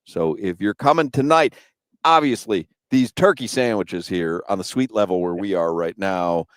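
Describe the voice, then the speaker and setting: A male radio sports talk host at a live arena broadcast, chatting casually, teasing his co-hosts and reading sponsor copy smoothly. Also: low-pitched, moderate pace, no echo.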